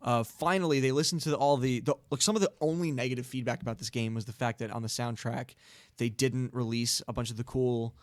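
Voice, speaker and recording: A man rambles through a casual game chat on an internet radio show, full of ums and quick laughs. His voice sits at an ordinary middle pitch and is recorded close and dry, with no room sound. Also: steady tone, no echo. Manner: rambling, laughs often, many fillers. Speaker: co-host. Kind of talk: casual podcast chat about games.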